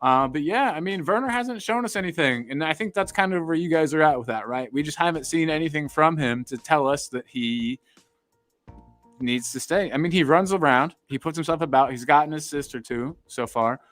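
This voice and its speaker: A man's voice: fairly high pitch, a little fast, fairly bright tone, faint music behind. A young American man hosting a casual chat, reading out live comments and rambling with repeated words. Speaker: podcast host.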